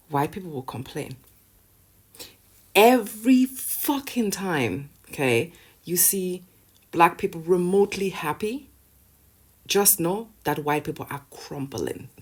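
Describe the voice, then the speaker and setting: A woman's voice: low-pitched, slightly rough. Sarcastic, swearing woman vlogger. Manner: sarcastic and profane, laughing between points. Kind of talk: casual ranting commentary to camera.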